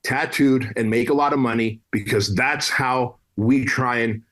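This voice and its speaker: A man's voice: medium pitch, fairly even intonation, measured pace, fairly bright tone. A man from Armenia in his late thirties or older, a podcast guest telling a personal story in a blunt, casual way, with slang and swearing. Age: 30s. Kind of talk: candid conversational storytelling.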